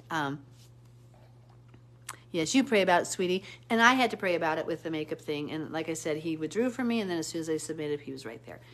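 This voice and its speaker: Woman, lower pitch, casual live-stream chat, rambling, animated. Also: brisk, pauses often. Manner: chatty and rambling, answering viewer comments; animated storytelling with sudden pitch jumps. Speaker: Bible teacher hosting a live stream.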